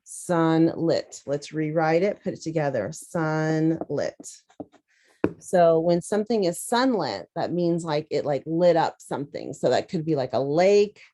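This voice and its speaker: A woman with a low voice and a Southern US accent, talking through a classroom lesson. She takes her time and stretches words out to sound them syllable by syllable. Her tone is casual, and she thinks aloud as she goes. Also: lively intonation, a little slow, dark tone. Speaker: teacher. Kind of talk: instructional demonstration.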